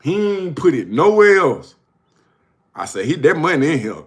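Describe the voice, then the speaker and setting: A man's voice: fairly high pitch, very animated, moderate pace. A man hosting his own show, telling stories casually, often laughing and calling the listener bro. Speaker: host. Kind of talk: casual storytelling.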